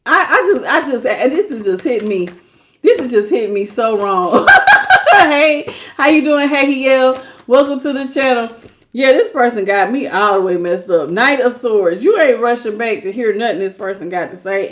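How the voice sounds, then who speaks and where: Woman tarot reader, high voice, slangy and laughing, acts out quotes. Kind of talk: live tarot reading stream.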